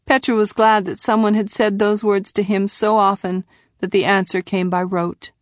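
A woman narrating a novel in scripted, measured storytelling from a quiet booth. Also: medium pitch, little pitch movement, no echo, clean studio sound. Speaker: audiobook narrator.

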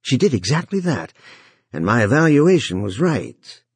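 Man voicing a hesitant technician, halting, earnest, husky, dry. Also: medium pitch, sing-song, a little mellow, no echo, pitched above the performer's own voice.

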